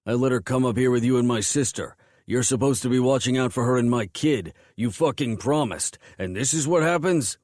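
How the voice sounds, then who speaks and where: A man voicing a volatile, violent biker who yells and growls. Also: medium pitch, fairly quick, hardly any pauses, no room sound, clean studio sound, voice pushed up, close to an everyday voice. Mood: enraged. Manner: growling, yelling, snarling.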